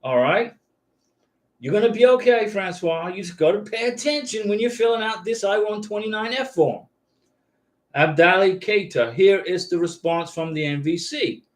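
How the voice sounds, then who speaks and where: Guy with a highish voice doing a live visa q&a from his home studio, chill and reassuring, always saying okay?. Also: animated, normal speed. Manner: casual, reassuring, repeats "okay?". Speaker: visa advice host. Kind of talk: live-stream Q&A reading chat. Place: home YouTube studio with lights.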